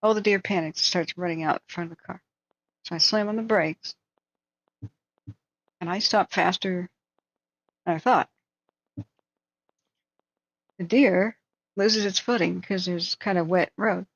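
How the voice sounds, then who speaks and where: A woman's voice: fairly low pitch, measured pace, long pauses. A woman hosting a live stream, chatting casually and thinking aloud as she tells a story. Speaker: livestream host. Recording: dull, dry lo-fi sound.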